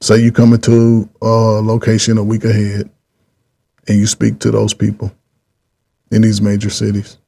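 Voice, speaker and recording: A middle-aged man hosting his own channel, giving rambling casual commentary, repeating himself with drawn-out pauses. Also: fairly low pitch, completely flat delivery, vocal fry, mellow. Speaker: channel host.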